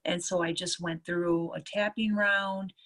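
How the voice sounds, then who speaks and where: Animated woman nurse telling stories. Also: on the low side, a little slow. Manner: lively storyteller, acts out others' lines. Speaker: nurse and EFT tapping practitioner. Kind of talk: casual storytelling interview.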